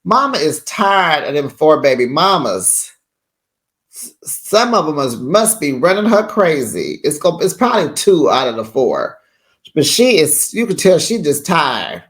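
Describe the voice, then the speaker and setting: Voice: mid-range voice, very animated, unhurried, a bit bright. A reality TV recap host giving casual, sassy commentary in a chatty way, acting out quotes.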